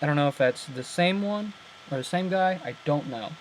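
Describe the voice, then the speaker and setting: A young man with a slightly high voice talks through a TV episode in a loose, rambling way. He corrects himself often and laughs at his own slips. A faint hiss of noise sits behind him. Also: lively intonation, moderate pace, low-quality recording. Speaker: channel host breaking down an episode. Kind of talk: casual chat.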